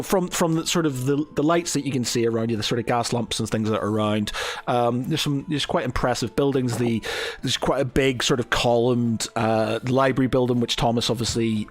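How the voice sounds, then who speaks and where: A man running a tabletop game as game master, narrating with many fillers and restarts. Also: medium pitch. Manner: hesitant, full of fillers and restarts.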